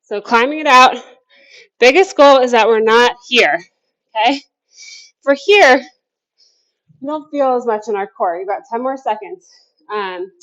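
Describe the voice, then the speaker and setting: A fairly high-voiced woman leads a workout from her basement, upbeat and a little out of breath. She counts down each set and chats between moves. The sound is dull and lo-fi. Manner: upbeat coaching with counting cues and chatty asides. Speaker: fitness instructor. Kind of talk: workout class instruction. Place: home basement.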